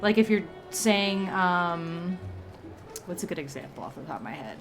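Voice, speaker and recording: A woman's voice: lowish voice, big pitch swings, moderate pace, music in the background. A woman chatting casually on a livestream, rambling along with many fillers and restarts. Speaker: streamer.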